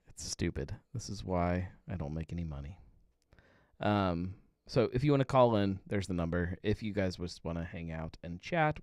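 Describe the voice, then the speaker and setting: A laid-back man in his thirties chats casually from home as host of a live happy-hour show. His voice sits fairly low, and the sound is close and dry with no room echo. He rambles easily and chuckles often. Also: darkish tone. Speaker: podcast host. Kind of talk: casual live-stream chat.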